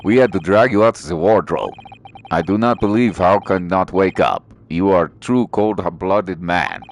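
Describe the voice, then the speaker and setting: Casting: a man playing a gruff, menacing Russian sailor with a low, heavy voice and broken English. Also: a little slow, slight background noise. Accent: put-on Russian. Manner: broken English, stern and threatening.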